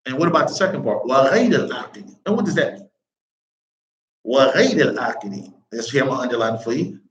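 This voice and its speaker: A man's voice: mid-range voice, expressive, brisk. A man teaching an Arabic grammar class, constantly quizzing his students with "what?" prompts. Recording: roomy, dull classroom recording.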